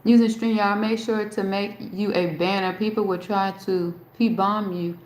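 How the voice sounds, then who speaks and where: A woman's voice: medium pitch, fairly even intonation, measured pace, a little mellow. A woman hosting a casual live stream, rambling and talking straight to her chat, swearing freely. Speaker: livestream host. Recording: roomy echo.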